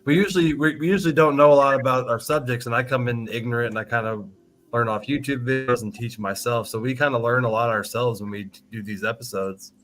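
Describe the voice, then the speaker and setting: A man's voice: medium pitch, fairly even intonation, quick pace, a bit bright, faint music behind. Easygoing man co-hosting a podcast. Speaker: podcast co-host. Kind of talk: casual chat.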